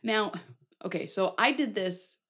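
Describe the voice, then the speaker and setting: A woman's voice: medium pitch, a little slow, a bit bright. Chatty young woman podcast co-host. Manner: chatty, acts out quoted voices. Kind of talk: casual chat.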